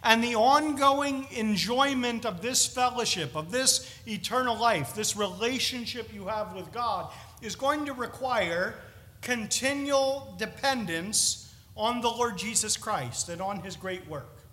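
Male preacher, high and bright, earnest expository sermon, reverberant hall. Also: unhurried.

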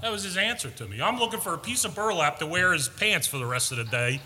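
A man's voice: sits high, lively intonation, fast, few pauses, bright, forceful tone, breathy edge, in a large hall. A man preaching a sermon, earnest and storytelling, building to emphatic points. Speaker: pastor.

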